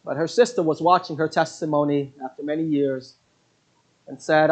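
A man preaching a sermon who tells mission stories in an earnest, halting way, with many fillers. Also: a little high, fairly even intonation, a little mellow. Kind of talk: sermon with storytelling. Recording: dull lo-fi recording.

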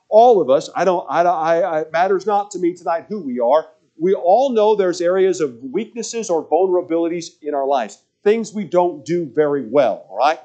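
A man's voice: fairly high pitch, animated, moderate pace, warm tone. Man preaching with stammered restarts. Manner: storytelling with repetition and frequent stammered restarts. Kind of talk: sermon.

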